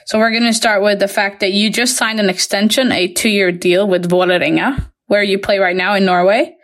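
A woman's voice: medium pitch, steady tone, moderate pace. A woman hosting a sports podcast, upbeat and friendly, reading a guest's career introduction. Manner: upbeat and friendly, reads player bio. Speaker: podcast host. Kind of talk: podcast interview, partly read intro.

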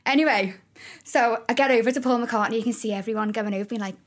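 A woman in her thirties with a Liverpool accent, a talk show guest telling stories in a lively way, laughing often and acting out what people said. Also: fairly high pitch, fast. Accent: Liverpool (Scouse). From Liverpool, England. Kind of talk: casual storytelling chat.

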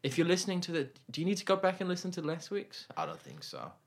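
A man's voice: fairly high pitch, wildly swooping pitch, fast. A man co-hosting a podcast, chatting casually in a joking, rambling way. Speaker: podcast co-host. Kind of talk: casual chat.

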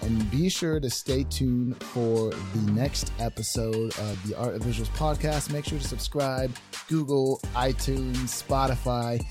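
An easygoing man hosts a podcast, talking in a friendly, casual way. His voice sits in an ordinary middle range. Music plays clearly behind him. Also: medium pitch, a little slow. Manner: relaxed, friendly, calls guest bro. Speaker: podcast host.

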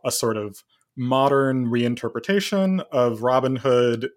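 Measured male interview guest. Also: mid-range voice. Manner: measured, with frequent pauses and fillers. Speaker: guest, co-creator and director. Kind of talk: interview answers.

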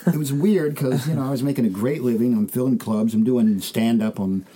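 Dark-voiced American comedian telling stories. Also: male voice, mid-range voice, a little fast, husky. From United States. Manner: dry storytelling, acts out quoted voices. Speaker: guest comedian. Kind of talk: casual interview chat.

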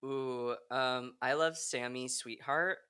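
A man's voice: medium pitch, steady tone, takes it slowly, bright, forceful tone, clean tone. A young man hosting a podcast, chatting in a giggly, gossipy way with lots of fillers. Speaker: podcast host. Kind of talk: casual chat.

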